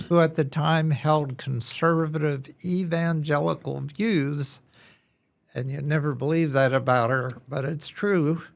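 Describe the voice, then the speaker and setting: Slow, gravelly male podcast host. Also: on the high side. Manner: measured, conversational, with pauses. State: losing his voice. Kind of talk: podcast introduction.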